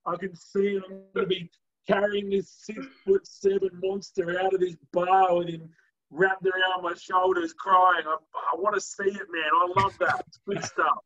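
A man's voice: high voice, little pitch movement, moderate pace, sharp tone, highs cut off. A man co-hosting a podcast, boisterous and swearing in matey banter. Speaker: podcast co-host. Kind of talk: casual chat.

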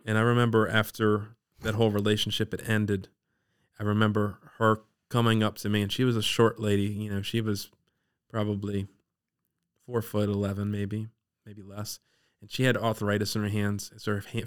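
Low, smooth-voiced storyteller man. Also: moderate pace. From Eastern Shore of Maryland. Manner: animated, acts out the people in his story. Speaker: guest sharing his testimony. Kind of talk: personal storytelling.

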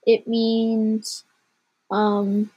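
A woman's voice: a little high, monotone, extremely slow, warm tone, husky, poor audio. A woman reading a chapter book aloud, chatting loosely and unprepared between readings. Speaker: reader.

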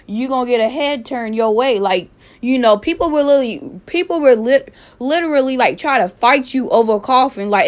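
A young woman hosting her own podcast, telling a story in a casual, animated way, repeating herself with sassy asides. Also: on the high side. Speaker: podcast host.

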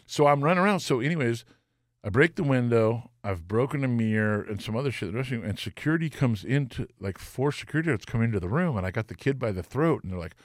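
A middle-aged man, a guest musician, telling profane, animated stories and acting out the voices of the people in them. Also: medium pitch, no room sound, clean studio sound. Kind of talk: casual storytelling.

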